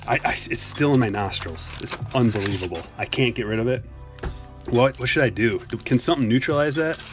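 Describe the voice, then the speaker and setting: A man's voice: medium pitch, brisk, over music. Chatty man streaming a card break. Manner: chatty, jokey, reads chat aloud. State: a little out of breath. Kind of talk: casual live-stream chat.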